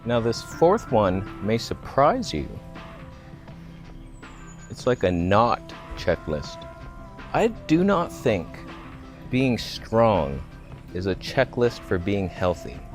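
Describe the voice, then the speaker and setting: A man's voice: fairly low pitch, huge pitch swings, slow pace, pauses often, faint music behind. A man talking to camera outdoors about health in a casual, joking vlog, with self-mocking asides. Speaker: vlogger. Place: outdoors, walking by a road.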